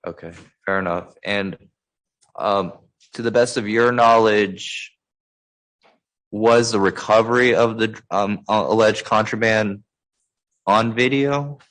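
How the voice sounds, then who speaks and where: A man cross-examining a witness in a court hearing, measured and polite, with hesitant fillers. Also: on the low side, a bit bright, rough recording. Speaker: defense attorney.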